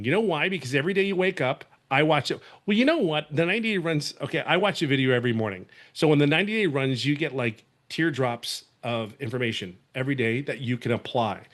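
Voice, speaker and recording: A man's voice: mid-range voice, animated, fast, few pauses, fairly bright tone. A man from California giving an earnest, rambling testimonial as a webinar guest, full of restarts.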